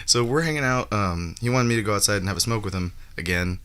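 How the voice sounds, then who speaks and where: A man's voice: on the low side, quick pace, clear, resonant tone. A young man on a casual comedy podcast, telling a story with lots of laughter and acted-out quotes. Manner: animated, laughs often, acts out quotes. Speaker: guest comedian.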